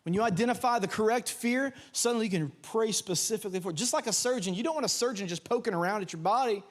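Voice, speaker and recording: A young man preaches from a church stage with a slightly high voice. He tells stories in an animated way, acting out the voices and shouting out the quotes. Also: quick pace. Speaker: pastor. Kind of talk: sermon. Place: church sanctuary.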